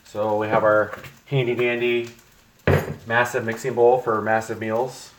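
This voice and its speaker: A man's voice: mid-range voice, level tone, a little slow, slight background noise. A young man chatting casually to viewers while cooking in his home kitchen on a livestream, rambling with plenty of ums. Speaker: streamer.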